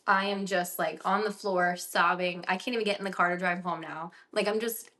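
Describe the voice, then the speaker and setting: A woman's voice: on the low side, steady tone, brisk, pushed and bright. A young woman co-hosting a casual podcast, telling a personal story animatedly with lots of "like" fillers. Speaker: podcast co-host.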